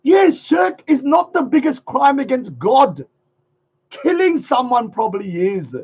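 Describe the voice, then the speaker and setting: With an extremely high, slightly mellow, breathy voice that swings widely in pitch, this man hosts a livestream at a measured pace. He rants sarcastically, mocking and repeating phrases sing-song style, over dull lo-fi audio.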